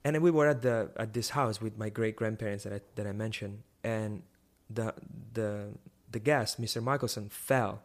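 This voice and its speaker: Animated young man telling a story. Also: fairly low pitch, moderate pace, hardly any pauses. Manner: animated, many restarts and rising emphasis. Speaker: guest sharing a testimony. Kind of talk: personal storytelling.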